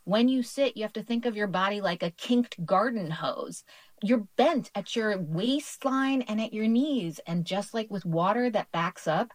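A woman's voice: medium pitch, no room sound. Upbeat woman explaining research, dry sound. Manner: explanatory, upbeat, laughs lightly. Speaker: author guest. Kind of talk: radio interview answers.

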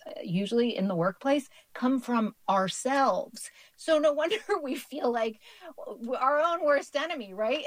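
A woman's voice: fairly high pitch, no echo. A woman author answering radio interview questions, explaining research in an upbeat, explanatory way with light laughs. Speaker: author guest.

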